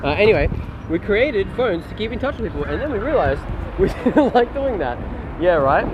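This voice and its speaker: An Australian man rambles through a casual live stream, swearing easily as he talks to his chat. His voice sits a little high. He speaks into a phone outdoors, with wind and street noise clearly audible behind him. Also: very animated, normal speed, dull audio. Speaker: IRL streamer. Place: outdoors on windy city streets. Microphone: phone held while walking.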